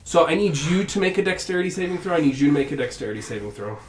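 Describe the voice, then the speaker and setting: Halting man running a tabletop game. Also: fairly high pitch, expressive, roomy sound, slight background noise. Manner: halting, hesitant, many fillers. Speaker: game master.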